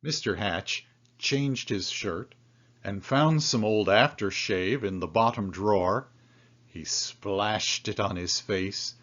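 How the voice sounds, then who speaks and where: A man reads a children's picture book aloud, telling the story slowly and expressively with lively swings in pitch. The recording sounds dull and lo-fi.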